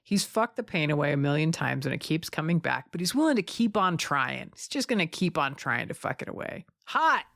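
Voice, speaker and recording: Lively, low-voiced bawdy woman host. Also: a little fast, gravelly, few pauses, dry recording, clean studio sound. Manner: frank, bawdy, laughing. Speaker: podcast host. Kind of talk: casual podcast chat.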